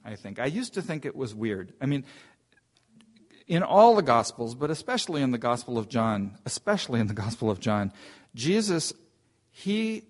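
Man teaching scripture, thinking aloud. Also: mid-range voice. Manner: informal, thinking aloud with frequent restarts. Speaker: Bible teacher. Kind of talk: conversational Bible teaching.

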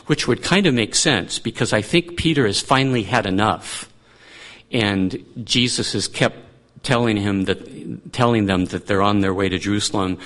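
A man's voice: on the low side, a bit bright. Conversational man teaching a Bible passage. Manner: conversational, thinking aloud with restarts.

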